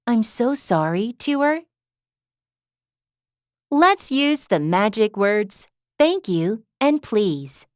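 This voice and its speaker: A woman reading English example sentences for parents, slow and clearly enunciated, in a gentle tone meant for a young child. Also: high voice, no room sound, clean studio sound. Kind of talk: scripted reading of parenting phrases.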